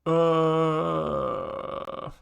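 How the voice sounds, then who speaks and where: A man's voice: on the high side, steady tone, extremely slow, vocal fry, smooth. A man live-streaming his programming, thinking aloud and muttering to himself with casual swearing, keyboard clicks behind him. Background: keyboard typing and clicking.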